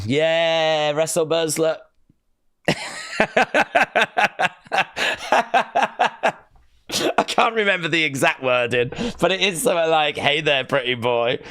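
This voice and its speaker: His voice runs on the high side, a bit bright and clean, in studio-quality audio without echo. The man rambles casually through fond memories on his wrestling live stream, heavy on fillers and acted-out quotes.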